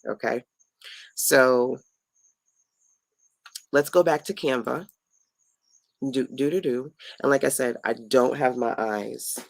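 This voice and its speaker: A woman's voice: rumbling low, gravelly, no room sound, low-quality recording. A middle-aged woman, tired and playful, casually teaching viewers on a late-night home livestream. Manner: chatty and playful, talks to viewers and family mid-stream. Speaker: online business coach hosting a live stream.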